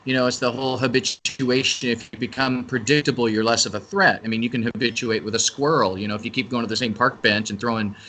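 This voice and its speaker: A man's voice: medium pitch, steady tone, fast talker, few pauses, bright, forceful tone, a little hiss or hum. A man speaking as a guest on a radio interview, talking casually and rambling, often restarting and correcting himself. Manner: rambling, self-correcting talker. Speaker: event organizer and interview guest.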